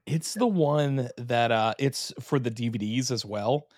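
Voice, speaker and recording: A man's voice: medium pitch, unhurried, darkish tone, dry recording, clean studio sound. A man co-hosting a casual podcast, animatedly recapping an episode with swearing and silly voices. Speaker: podcast co-host.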